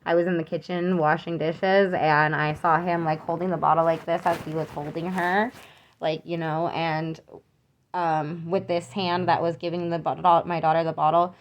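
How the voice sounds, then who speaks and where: Young adult woman, lower pitch, unscripted personal account, halting, earnest and troubled. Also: flat delivery. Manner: halting, with many fillers and restarts. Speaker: mother telling her own account.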